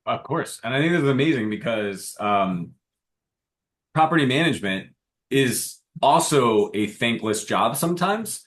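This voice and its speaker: A man's voice: mid-range voice, lively intonation, measured pace, a bit bright. A man hosting a business podcast, talking casually and using plenty of filler phrases as he chats with his guest. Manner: casual, uses fillers like "you know". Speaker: podcast host. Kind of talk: conversational interview.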